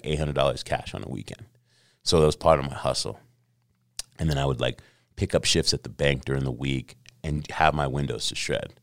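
A middle-aged man, a podcast guest, telling stories in a casual interview, animated and profane, acting out the voices of people he quotes. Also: a bass voice, no room sound, studio quality.

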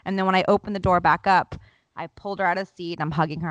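Co-host, woman, low register, vivid self-deprecating storyteller, dry sound. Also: fairly even intonation, rapid-fire, no echo. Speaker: podcast co-host. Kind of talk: casual storytelling.

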